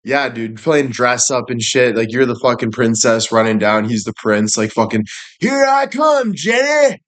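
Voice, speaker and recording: A man's voice: mid-range voice, flat delivery, normal speed. A young man hosting a casual livestream, rambling and joking crudely. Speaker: livestream host.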